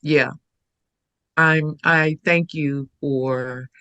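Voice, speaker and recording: A woman's voice: low-pitched, fairly even intonation, drawn-out words, sharp tone, no room sound, lo-fi sound. Storytelling woman guest, dry close sound. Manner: storytelling, mimics others' voices. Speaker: guest, dancer. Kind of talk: conversational interview.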